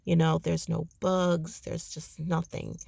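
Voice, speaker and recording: A woman's voice: fairly low pitch, flat delivery, slow, vocal fry, darkish tone, no room sound, studio quality. A tired woman with a crackly voice chatting casually in a rambling vlog from her parked car. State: tired, ready for bed. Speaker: vlogger.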